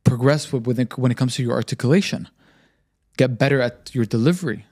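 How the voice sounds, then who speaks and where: A man's voice: medium pitch, brisk, a little mellow. A man hosting a podcast, talking in a blunt, motivational way and firing questions at the listener. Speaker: podcast host. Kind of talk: casual podcast conversation.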